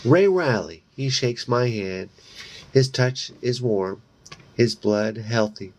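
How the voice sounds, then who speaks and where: A man reading a horror novel aloud in a slow, deliberate way, with brief asides of his own. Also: mid-range voice, darkish tone. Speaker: reader.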